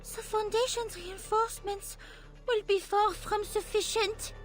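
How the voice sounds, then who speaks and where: A shrill, very high young woman's voice, put on by a woman streamer, caught in panic. The voice sits far above normal speech. Soft music plays underneath. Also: fairly even intonation, unhurried. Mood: worried.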